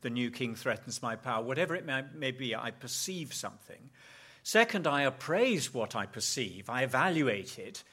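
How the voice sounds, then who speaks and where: Male conference speaker, mid-pitched voice, thoughtful Bible teaching with frequent restarts. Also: sing-song, moderate pace, pushed and bright, breathy edge. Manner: thoughtful, repeats words while searching for phrasing.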